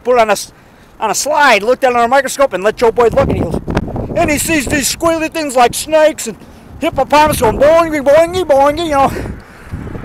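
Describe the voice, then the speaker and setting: A man talking in a rambling, folksy, excitable way, mixing songs with preaching, outdoors by a road. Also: very high voice, noisy background. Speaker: vlogger.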